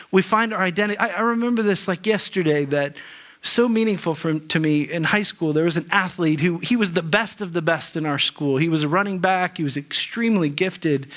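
A man's voice: high voice, fairly bright tone. A male pastor preaching a sermon earnestly, often repeating and restarting words. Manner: earnest, with frequent word repetitions and restarts.

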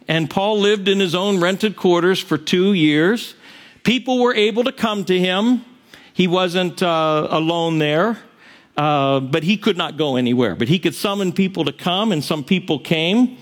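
Male pastor, sermon, conversational storyteller with a fairly high voice. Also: measured pace.

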